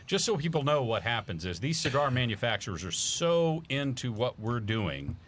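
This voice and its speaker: A man's voice: mid-range voice, big pitch swings, moderate pace, a bit bright. A man talking casually on a podcast as a guest, telling an enthusiastic story with lots of fillers. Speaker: charity founder guest.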